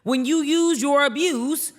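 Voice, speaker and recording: A young adult woman podcaster telling a heated callout story to camera, rapid and indignant, acting out what others said. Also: high voice. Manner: indignant, rapid storytelling, acts out quoted dialogue.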